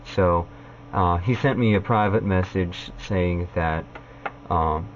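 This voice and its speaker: A man with a very deep, low voice talks straight to camera in a casual vlog rebuttal. He speaks haltingly, filling gaps with "uh". The audio is dull and lo-fi, with a faint hiss underneath. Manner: halting, with frequent "uh" fillers. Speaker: vlogger.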